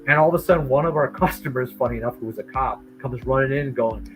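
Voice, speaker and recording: A man's voice: mid-range voice, fast, soft background music, low-quality recording. A man from Michigan telling stories casually on a live stream, acting out the voices of the people he quotes. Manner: animated, acts out quoted voices. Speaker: streamer and comic artist.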